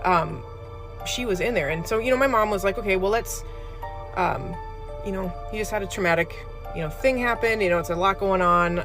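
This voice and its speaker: A mid-pitched speaker tells an eerie hospital story in a loose, rambling way, full of fillers and acted-out quotes. A clear music bed plays underneath the voice. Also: fairly quick. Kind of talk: casual spoken storytelling.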